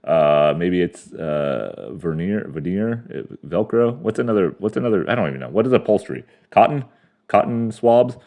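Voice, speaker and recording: An American man in his forties hosts a podcast alone at home, speaking into a camera mic in a slightly low, creaky, dark voice. Very animated at a normal pace, he rambles crudely and swears through a loose monologue. He keeps stumbling on fillers and repeating words before getting back on track.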